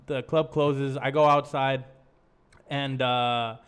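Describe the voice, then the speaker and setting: A man's voice: medium pitch, fairly even intonation, takes it slowly, a bit bright, clear, resonant tone. A man hosting a podcast, telling a story in loose casual chat, full of swearing and acted-out quotes. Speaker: podcast host.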